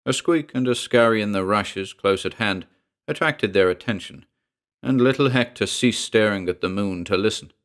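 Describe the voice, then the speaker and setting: Low-voiced male horror narrator. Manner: measured, dramatic storytelling.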